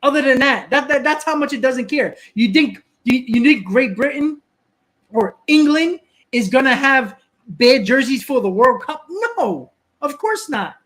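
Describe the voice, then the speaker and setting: A man's voice: very high-pitched, animated, measured pace, a bit bright. A man hosting a live stream, ranting casually, often repeating and restarting words and answering viewers in the chat.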